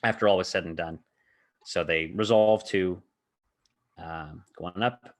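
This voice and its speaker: A man's voice: low voice, a little slow. A man hosting a podcast, casually recounting a tabletop game session he ran, rambling with many filler words. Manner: rambling, heavy on filler words, laughs often. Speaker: podcast host and game master.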